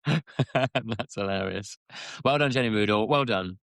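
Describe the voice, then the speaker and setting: A man's voice: on the low side, a little slow, dry recording. A man co-hosting a podcast, chatting casually and reacting to his co-host with brief, amused remarks.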